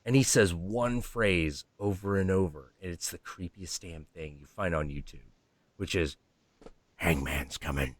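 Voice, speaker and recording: A man streaming casually, profane and animated, acting out animal voices as he talks. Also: deep voice, normal speed, no echo. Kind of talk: casual chat.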